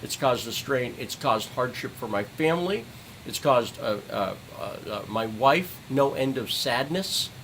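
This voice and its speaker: An angry middle-aged man in a livestream rant, voice of ordinary pitch, swearing and hammering the same phrases again and again. A faint hum sits under the recording. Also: expressive, a little slow, fairly bright tone, rough recording. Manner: furious, profane, repeats phrases for emphasis. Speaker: citizen journalist streamer.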